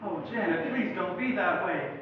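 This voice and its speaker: A man's voice: sits high, expressive, moderate pace, slight background noise. An actor playing an earnest young groom who pleads with his bride theatrically. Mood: pleading. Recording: distant, dull stage recording in hall.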